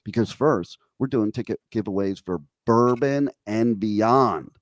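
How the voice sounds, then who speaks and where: A man's voice: lowish voice, a little slow, no echo. Teasing male radio host, crude banter.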